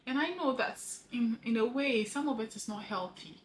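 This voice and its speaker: A grieving widow talking earnestly to camera in a personal vlog, halting and repeating words, her voice dropping soft at the ends of phrases. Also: fairly high pitch, slight background noise, rough recording. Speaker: vlogger sharing a personal story. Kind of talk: heartfelt personal vlog monologue.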